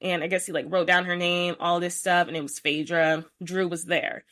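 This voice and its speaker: A young woman hosting a podcast, chatting casually and retelling scenes with animated quoted voices. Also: lowish voice, moderate pace. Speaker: podcast host. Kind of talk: casual recap chat.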